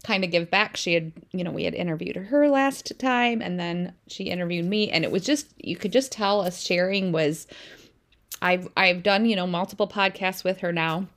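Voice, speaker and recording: Woman co-host in her thirties, casual, animated storyteller for a faith podcast. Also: lowish voice, normal speed. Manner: chatty storyteller, warm and animated.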